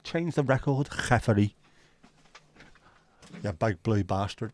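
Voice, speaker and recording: A man's voice: mid-range voice, moderate pace, long pauses, a little mellow. A middle-aged man, hosting a casual home livestream, chatting and reading out viewer comments with a sweary, easygoing manner. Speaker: livestream host. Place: at home, window nearby.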